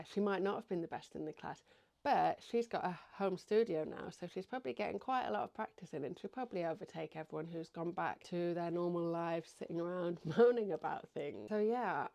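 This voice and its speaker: A woman's voice: fairly low pitch, darkish tone. A woman from England chatting casually to camera about her small business, full of "like" and "you know". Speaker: small business owner vlogger.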